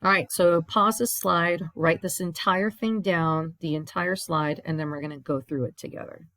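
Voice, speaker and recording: A woman with a low voice talks through a recorded grammar lesson, explaining each step and reading example sentences aloud before translating them. The sound is dry and close to the mic, with no room around it. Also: fairly even intonation, moderate pace, fairly bright tone, no room sound. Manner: explains step by step, reads examples in Spanish then English. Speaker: Spanish teacher.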